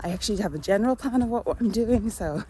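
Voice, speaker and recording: A woman chatting casually to camera in a vlog, rambling with fillers, at times out of breath while walking fast. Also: medium pitch, expressive, background noise. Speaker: vlogger.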